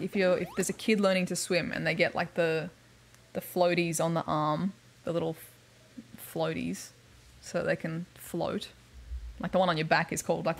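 A woman streaming a video game, chatting casually and playfully with lots of giggles. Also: on the low side. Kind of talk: casual livestream chat while playing a video game.

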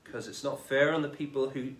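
A man's voice: medium pitch, a little fast. Man preaching in an echoey room. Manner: conversational, animated retelling of scripture in everyday speech. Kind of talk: sermon. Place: church.

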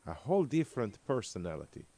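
A man narrating as game master of a tabletop game, halting, with many fillers and repeated words. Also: mid-range voice, big pitch swings, mellow, dry recording.

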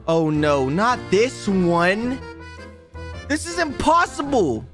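Brief: bright, slow-talking excitable gamer guy narrating play, light music behind. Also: high voice. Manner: excitable, repeats himself, talks straight to viewers. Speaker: gaming YouTuber. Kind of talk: casual gaming commentary.

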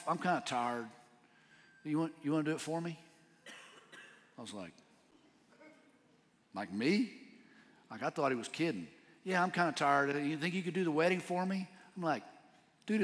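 A man's voice: medium pitch, a bit bright. A man with a Texan accent preaching a sermon as pastor, casual and storytelling, dropping "man" and "dude" as he talks. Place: church sanctuary. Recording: reverberant church hall.

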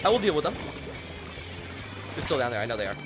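A young man streaming a video game live, excitable and self-deprecating, talking to his chat as he plays. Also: fairly high pitch, quick pace, over music. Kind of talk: live gameplay commentary.

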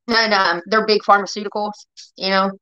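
A woman's voice: medium pitch, flat delivery, normal speed, bright, forceful tone, muffled recording. A woman hosting a casual livestream, blunt and heavily profane as she reacts to chat comments. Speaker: livestream host.

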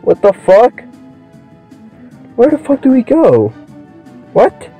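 A young man doing let's play commentary, excitable, swearing constantly and yelling at the game. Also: very high-pitched, slow, slightly rough. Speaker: gaming video creator. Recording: muffled lo-fi mic with game music. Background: game music.

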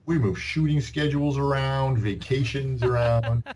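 In a mid-range voice at normal speed, this Canadian-born podcast guest rambles through long casual stories, restarting frequently and animatedly acting out quoted dialogue.

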